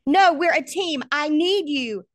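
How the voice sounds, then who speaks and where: A woman voicing a frightened young boy who is crying and pleading, his voice pitched high. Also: unhurried, darkish tone, dry recording, clean studio sound. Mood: pleading, tearful.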